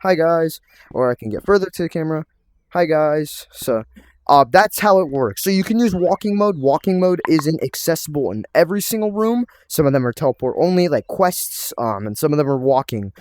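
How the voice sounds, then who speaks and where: A young game developer casually walks viewers through his VR game revival in a tutorial vlog, rambling with many fillers and restarts. His voice is on the high side and a little fast, with lively intonation and a darkish tone.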